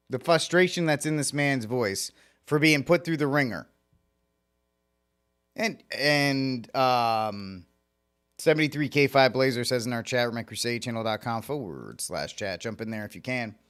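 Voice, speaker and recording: Animated man hosting talk radio. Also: mid-range voice, moderate pace. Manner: animated, sarcastic asides. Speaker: radio talk show host.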